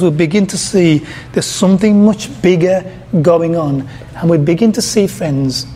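A man's voice: high-pitched, a little mellow. A man preaching a sermon to a congregation, talking emphatically, putting questions to his listeners and repeating words as he searches for the next phrase.

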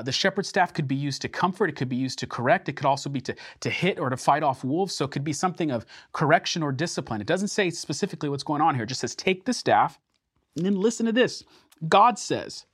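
A man teaching a sermon through scripture, earnest and emphatic, slowing down to stress key words. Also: on the high side, fairly bright tone, no room sound, clean studio sound.

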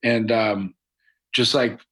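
A man's voice: on the low side, steady tone, slow, sharp tone, husky, low-quality recording. A man with a Boston accent, a guest talking casually and rambling a little on a video call from home. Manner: laid-back, rambling with fillers. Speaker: podcast guest, rapper and actor. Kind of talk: casual interview chat.

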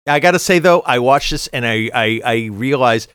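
A middle-aged man co-hosts a podcast in casual chat, often restarting sentences and using many fillers. His mid-range voice is a bit bright, clear and resonant at normal speed, recorded in studio quality with no echo.

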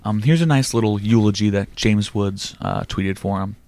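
A man's voice: lowish voice, normal speed, a little mellow, no echo. Sarcastic man hosting a podcast. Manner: joking, sarcastic, many fillers. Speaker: podcast host. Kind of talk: casual comedy podcast chat.

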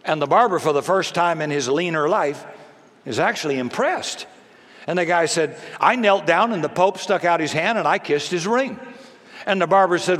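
A man's voice: fairly high pitch, moderate pace, fairly bright tone. A male pastor delivering a sermon, telling stories with humor and emphasis. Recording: long reverb of a large hall.

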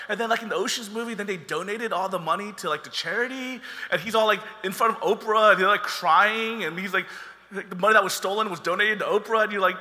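A man's voice: high-pitched, lively intonation, brisk, bright, forceful tone, big-room sound. A man preaching a sermon as pastor, talking in a conversational way and joking with the congregation.

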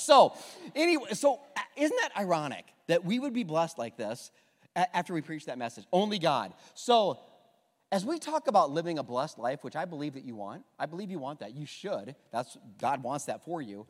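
A man's voice: high-pitched, fairly quick. A man preaching a humorous sermon as pastor, joking and getting the congregation to repeat lines back. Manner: animated, jokey, asks the congregation to repeat lines. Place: church sanctuary. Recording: long hall reverb.

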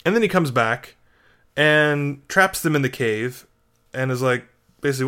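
A male Catholic priest talks through a reflection in a relaxed, conversational way. He retells stories with a wry, joking edge. His voice sits in an ordinary middle register. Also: medium pitch, normal speed, clear, resonant tone. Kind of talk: casual spoken reflection.

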